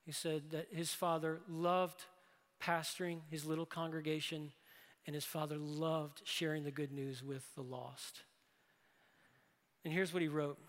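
A man preaching a sermon as a pastor, telling a story and rising into loud, impassioned calls to his listeners. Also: a little high, level tone, unhurried. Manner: builds to loud impassioned exhortation. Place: church sanctuary. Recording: long reverb of a large hall.

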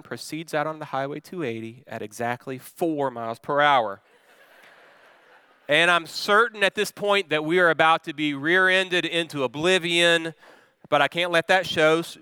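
A middle-aged male pastor preaches with a crisp, ringing voice pitched slightly high. He tells stories expressively and moves easily between calm asides and louder moments. The sound is close and dry, with no room echo. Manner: expressive storyteller, swings from calm to loud. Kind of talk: sermon with personal story.

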